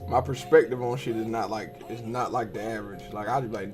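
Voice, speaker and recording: A young man hosting a podcast, telling profane and animated stories in a casual monologue while he draws. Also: fairly low pitch, fairly quick, few pauses, music in the background. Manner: profane, animated storytelling with slangy cussing. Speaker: podcast host.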